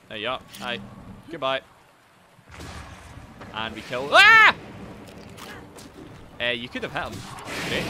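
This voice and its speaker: Excitable man chatting over gameplay. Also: mid-range voice. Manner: chatty, excitable, swears, bursts into shouts. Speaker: gaming streamer.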